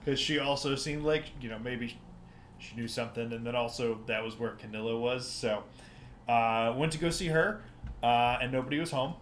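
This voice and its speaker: A man recapping his part in a tabletop game, halting with many fillers. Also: medium pitch, a bit bright, slight background noise. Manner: halting, full of fillers and laughs. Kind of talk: casual recap chat.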